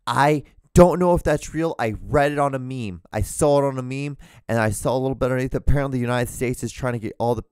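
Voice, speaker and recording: A man's voice: mid-range voice, darkish tone, clear, resonant tone, no echo, studio quality. A man hosting his own solo podcast, rambling through blunt, profane rants, with his voice starting to go. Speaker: podcast host.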